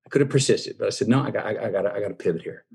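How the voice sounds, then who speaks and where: Husky, drawling storyteller man. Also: on the low side, rapid-fire, a little mellow. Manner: drawling, folksy storyteller acting out quotes. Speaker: guest. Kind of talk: storytelling conversation.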